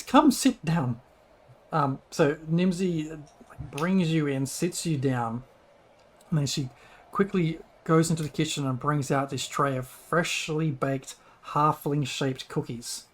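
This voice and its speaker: A man narrating as game master over an online call, relaxed and descriptive with frequent fillers. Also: fairly high pitch, unhurried.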